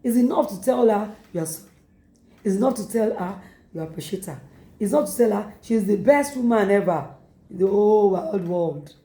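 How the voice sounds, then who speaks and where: A woman's voice: mid-range voice, brisk, mellow, roomy sound. A woman pastor with a Nigerian English accent preaching a sermon, urging her listeners again and again and acting out quoted lines. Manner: repetitive exhortation with acted quotes.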